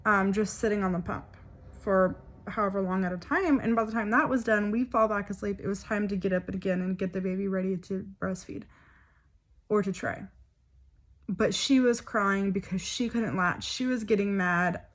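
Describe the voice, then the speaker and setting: A woman's voice: mid-range voice, moderate pace. A young woman talks straight to her viewers. She tells her story in an open, emotional way. Her speech is loose and full of fillers and side remarks. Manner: chatty, emotional, many fillers. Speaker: vlogger. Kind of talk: personal storytelling vlog.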